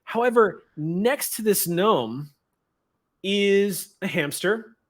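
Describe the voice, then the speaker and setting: A man's voice: high-pitched, expressive, slow pace. A man running a tabletop game as game master, narrating scenes in a descriptive, playful way and laughing often.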